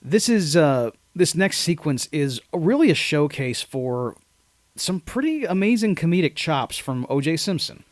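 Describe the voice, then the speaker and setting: A man's voice: fairly high pitch, big pitch swings, a little slow, no echo. A man co-hosting a movie podcast, chatting casually with short agreeing replies and dry asides. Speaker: podcast co-host.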